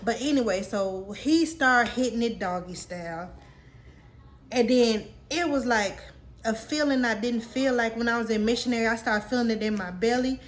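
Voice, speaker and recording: A woman's voice: on the high side, normal speed, a little hiss or hum. A woman in her late twenties telling a personal story to her viewers in a candid, casual, slang-filled way. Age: late 20s. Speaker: vlogger.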